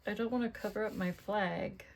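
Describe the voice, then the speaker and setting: A middle-aged woman with a gravelly, mid-range voice speaks at a moderate pace and steady tone while crafting cards. It's casual tutorial chat as she talks to herself and asks her viewers questions.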